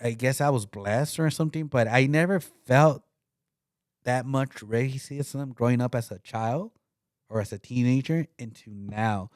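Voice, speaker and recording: A man co-hosting a casual podcast, talking at a middling pitch. He rambles, stumbles over repeated words and breaks into laughter as he goes. The sound is dry and close. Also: unhurried, no room sound. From came to Utah. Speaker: podcast co-host. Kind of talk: casual chat.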